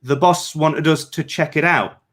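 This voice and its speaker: A man's voice: medium pitch, normal speed, a bit bright, voice pushed up, lightly acted. A man reading fiction aloud and voicing a male patrol soldier, sneering and threatening at first, then stammering and frantic. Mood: menacing. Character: arrogant male patrol soldier turned panicked.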